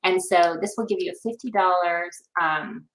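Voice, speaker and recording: A woman's voice: on the low side, normal speed, a bit bright, reverberant, slight background noise, poor audio. A woman guest on a video call, talking in an upbeat, rambling way with many fillers. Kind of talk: casual video call pitch.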